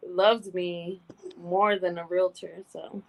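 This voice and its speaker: A woman's voice: fairly low pitch, little pitch movement, slow pace, creaky, rough recording. A woman from Arkansas calling in to a livestream show, talking bluntly and swearing freely. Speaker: caller. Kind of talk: casual call-in chat.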